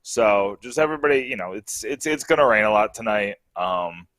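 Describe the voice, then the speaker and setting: Rambling, upbeat New podcast co-host. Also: male voice, lowish voice, expressive, fairly quick, fairly bright tone, no room sound. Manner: rambling, upbeat, restarts often. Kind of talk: casual chat.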